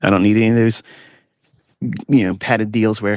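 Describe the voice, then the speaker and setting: A man's voice: lowish voice, level tone, moderate pace, no echo, clean studio sound. A man giving a blunt, ranting lecture as a trading educator in a live audio-room monologue, talking from inside a parked pickup truck.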